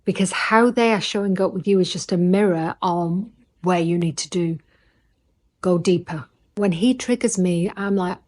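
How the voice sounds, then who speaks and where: A middle-aged woman giving relationship advice in an earnest, intimate monologue, sometimes sinking to a soft near-whisper for emphasis. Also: fairly low pitch, normal speed. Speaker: relationship coach.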